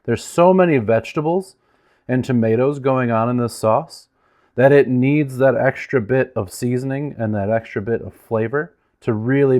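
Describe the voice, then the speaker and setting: A man hosting a casual cooking demonstration in a home kitchen, chatty and joking, his voice sometimes drifting away from the mic. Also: mid-range voice. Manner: chatty and joking, with lively swings in loudness. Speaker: home cook host.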